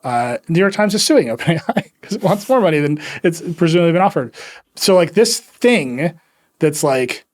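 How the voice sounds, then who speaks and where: A male podcast host with a slightly higher voice, talking in a loose, rambling way about tech news. He is wry and drops in quick quoted asides. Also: very animated. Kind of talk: casual tech chat.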